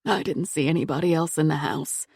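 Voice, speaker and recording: A man's voice: a little high, fairly quick, gravelly, a little mellow, slightly rough, no echo, clean studio sound. A woman voicing a shaky, tearful old grandfather. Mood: distraught. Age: older. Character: grief-stricken older grandfather, shaky.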